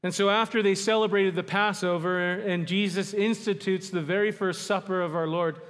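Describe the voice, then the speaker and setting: A man preaching a sermon, emphatic, slowing down to stress key words. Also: high voice, steady tone, a bit bright. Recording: long hall reverb.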